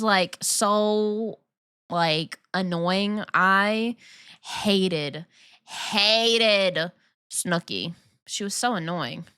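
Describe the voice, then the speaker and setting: A woman's voice: on the high side, pushed and bright. A woman streaming and chatting casually with her viewers, giggling often and teasing as she reads and answers the chat. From Long Island, New York.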